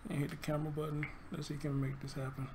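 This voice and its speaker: A man's voice: a little high, monotone, rapid-fire, background noise. A man with a Southern US accent hosting a casual livestream commentary show, chatty and loose, greeting viewers by name. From Southern United States. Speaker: livestream host.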